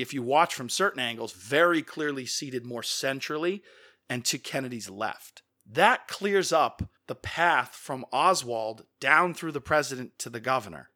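A man's voice: medium pitch, pushed and bright. A man from the Boston area hosting a podcast, explaining events step by step in a conversational storytelling style and briefly acting out quotes.

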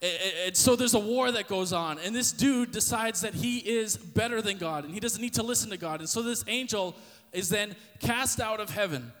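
A man with a high voice tells a Bible story casually, full of slang and stumbling restarts. His podcast voice rings with a long reverb. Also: moderate pace, fairly bright tone. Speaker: podcast host.

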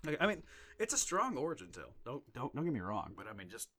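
Man, podcast chat, animated, swears a lot, bright tone. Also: medium pitch, fast, a little hiss or hum. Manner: animated, profane, emotional storytelling. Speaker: podcast co-host.

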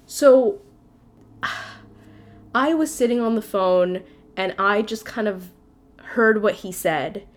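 Woman podcast host, mid pitch, candid storyteller who swears casually. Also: takes it slowly, long pauses. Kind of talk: personal storytelling monologue.

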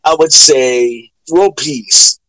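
A man chatting casually, relaxed and a bit hesitant, with casual swearing. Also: a little high, extremely slow, dry recording, poor audio. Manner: laid-back, profane, hesitant. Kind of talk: casual chat.

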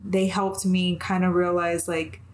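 Female guest, earnest and reflective, halting delivery with frequent fillers. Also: on the low side, level tone. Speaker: podcast guest. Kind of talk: casual faith chat.

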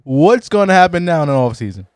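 High pitched guy roasting his cohost, laughing a lot, dry mic. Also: sing-song, quick pace, no room sound. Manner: teasing, laughing, stammering. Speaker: podcast co-host. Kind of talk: casual sports debate.

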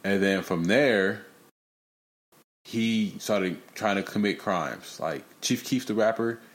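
A young man hosting a casual podcast, telling stories in lively slang and breaking into rap lines. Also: on the low side, takes it slowly. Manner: animated, slangy storytelling with bursts of rapping. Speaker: podcast host.

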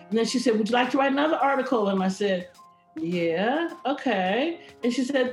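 Animated woman in an echoey room. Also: a little high, brisk, soft background music. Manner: animated, acts out her own quoted reactions. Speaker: minister and magazine writer. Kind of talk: enthusiastic testimonial.

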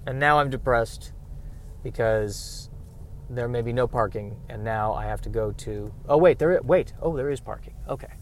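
A man hosting a solo comedy podcast from his car, wry and self-deprecating, breaking into loud exasperated rants. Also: medium pitch, normal speed, a little hiss or hum. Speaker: podcast host. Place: in a car while driving and parking.

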